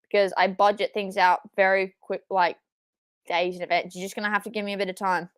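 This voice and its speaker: A young woman hosting a live watchalong, reacting excitedly, swearing and yelling at the screen, then repeating her frustration. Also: medium pitch, fairly quick, smooth, dry recording. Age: young adult. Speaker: watchalong streamer.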